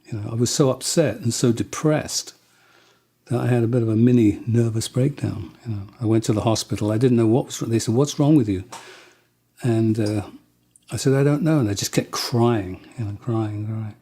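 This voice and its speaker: A man being interviewed, telling rambling anecdotes with many restarts and quick acted-out quotes of other people. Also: fairly low pitch, fairly even intonation, warm tone, breathy edge. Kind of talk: casual anecdotal storytelling.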